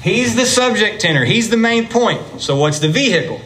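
A man's voice: high-pitched, expressive, normal speed, background noise. Man teaching a Bible class. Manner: conversational, explains step by step, chatty with the class. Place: church classroom.

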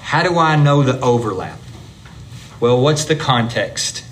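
A man's voice: medium pitch, animated, measured pace, a bit bright. A man leads a Bible lesson in a church classroom, talking to his class in an easy, conversational way. His voice sits in a middle range, and there is a faint hum of room ambience behind him. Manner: conversational, explains step by step, chatty with the class.

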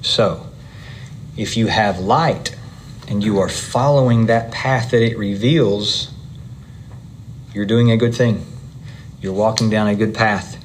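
A man's voice: fairly low pitch, slow pace, long pauses, slight background noise. A man teaching a Bible class in a conversational style. He often asks the class questions and checks in with them.

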